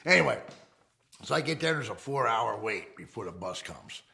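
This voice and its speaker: A middle-aged man telling his own story in a casual, animated and profane way, acting out the people in it. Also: medium pitch, moderate pace, creaky. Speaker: interviewee.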